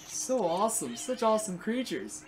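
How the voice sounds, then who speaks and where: A young man giving casual, excitable gameplay commentary, swearing and chatting to the game's creatures. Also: high voice, moderate pace. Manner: excitable, profane, talks to game creatures. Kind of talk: casual let's play commentary.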